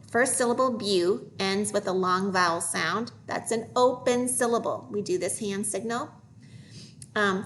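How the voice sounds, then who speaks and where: A woman teacher leading a phonics lesson for young children, modeling each word slowly and clearly. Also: mid-range voice, a bit bright, a little hiss or hum. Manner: slow, deliberate modeling of words for young learners.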